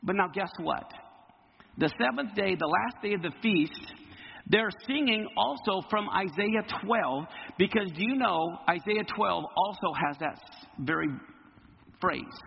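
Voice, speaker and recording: High, gravelly preacher in an echoey hall. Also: male voice, measured pace. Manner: animated, quizzes the congregation. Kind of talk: sermon. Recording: echoey hall, dull lo-fi sound, faint noise.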